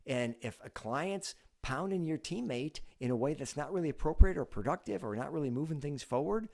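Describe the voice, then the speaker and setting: Guy giving sales tips, chatty coach voice, jumps loud when he acts stuff out. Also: fairly high pitch, a little fast, gravelly. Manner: animated, acts out meeting lines with sudden loud bursts; conversational, coaching in second person. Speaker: sales coach and show host. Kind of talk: direct-to-camera advice talk.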